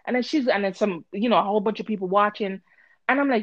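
A woman telling a story in casual chat, animated and swearing, acting out both sides with a voice she calls harsh. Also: mid-range voice, fast, no echo, highs cut off. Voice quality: harsh-sounding voice.

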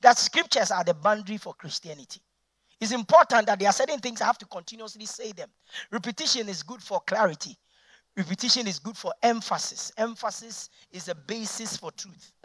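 A man's voice: very high-pitched, fairly bright tone, dry recording. A man preaching as senior pastor. He drives home his points by repeating phrases, asking rhetorical questions and speaking bluntly. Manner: emphatic, repeats key phrases for emphasis. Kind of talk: sermon.

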